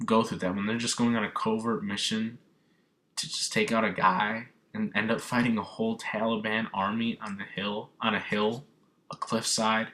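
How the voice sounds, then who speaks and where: This young man's voice sits on the low side, with a bright and forceful tone. His film review is heartfelt and casual, and he rambles earnestly with frequent fillers and restarts, clearly moved.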